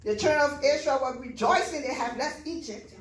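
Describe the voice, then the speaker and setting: A woman's voice: sits high, brisk, reverberant, recorded from a distance, poor audio. A woman preaching a sermon to a church, building to fervent, repetitive calls to the congregation.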